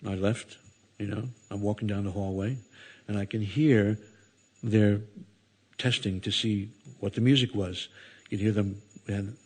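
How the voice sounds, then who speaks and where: A man's voice: on the low side, fairly even intonation, measured pace, pauses often, a little mellow, breathy edge. An older man giving a sermon to a temple audience, telling a story with many asides and acting out the voices. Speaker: temple speaker. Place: temple hall before an audience.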